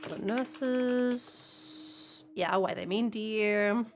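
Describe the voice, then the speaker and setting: A woman streaming a video game live, commenting in an animated, reactive way, with sudden loud exclamations. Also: on the high side, drawn-out words, a little hiss or hum.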